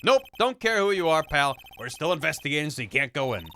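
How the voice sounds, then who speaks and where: A man voicing a gruff, scruffy, broke male police detective who calls people pal, over game music. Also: on the high side, very animated, fast talker, bright, forceful tone, slight background noise, full character voice. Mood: stern.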